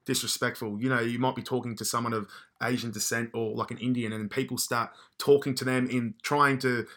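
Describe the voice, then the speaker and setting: A man's voice: mid-range voice, steady tone, fairly quick, fairly bright tone. A man co-hosting a podcast, chatting loosely with lots of "like.". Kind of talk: casual podcast chat.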